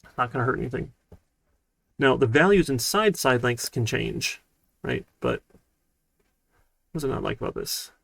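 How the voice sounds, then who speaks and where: A man, a college programming instructor, giving a casual live-streamed lecture in a relaxed, rambling way with lots of fillers. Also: medium pitch, normal speed, vocal fry, pauses often, dry recording.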